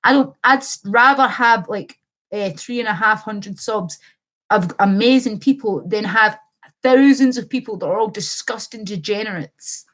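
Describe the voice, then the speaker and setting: A woman's voice: mid-range voice, moderate pace, fairly bright tone. Rambling woman livestreaming. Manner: rambling, swears freely, many fillers. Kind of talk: casual livestream chat, reading comments.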